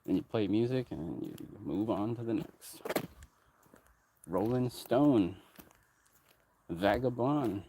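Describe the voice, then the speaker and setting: Against a noisy background, a low-voiced, animated man who owns a music label speaks slowly with long pauses. His casual talk wanders between topics and is thick with swearing.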